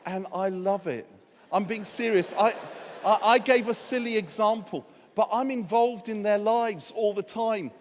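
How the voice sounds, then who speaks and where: Male guest preacher, high voice, anecdotal and earnest, long church reverb. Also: measured pace, a little hiss or hum. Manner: humorous storytelling turning earnest. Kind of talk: sermon. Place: church hall.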